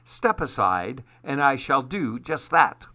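A man reading a storybook aloud, voicing a bossy, excitable male duck who fusses and scolds. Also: medium pitch, takes it slowly, exaggerated voice. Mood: fussy bossy. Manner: fussy, scolding, boastful.

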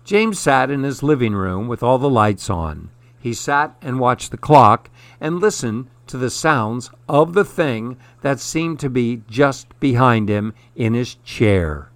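A man narrating short horror stories in a slow, measured storytelling voice. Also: medium pitch, expressive, a bit bright, no room sound.

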